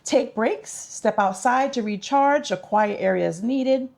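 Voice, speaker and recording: A woman's voice: on the high side, measured pace, creaky, a little mellow. A woman vlogger giving casual tips in an upbeat, chatty, instructive way.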